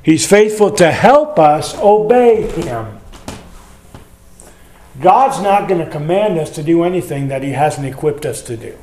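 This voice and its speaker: A man's voice: a little high, big pitch swings, a little slow, a little mellow, roomy sound, slight background noise. An older man preaching a sermon, telling folksy stories to the congregation.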